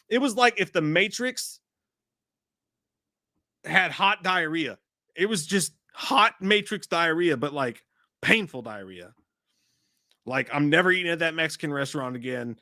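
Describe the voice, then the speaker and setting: A man co-hosting a casual movie chat, rambling in a crude, animated way. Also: a little high, dry recording, clean studio sound. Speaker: podcast co-host. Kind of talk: profane casual movie rant.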